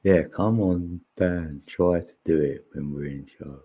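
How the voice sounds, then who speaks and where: A man hosts a live stream in loose, slangy chat, laughing easily. His low voice is gravelly and husky, and he takes his time. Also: a little slow, warm tone. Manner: laid-back, laughs often, chatty slang. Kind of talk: casual chat. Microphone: phone.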